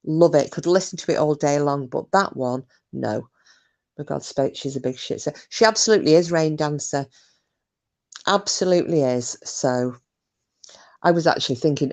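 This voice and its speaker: A woman's voice: sits low, normal speed, darkish tone. A woman hosting a live stream, chatting casually, reading out comments and talking bluntly with plenty of swearing. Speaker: livestream host.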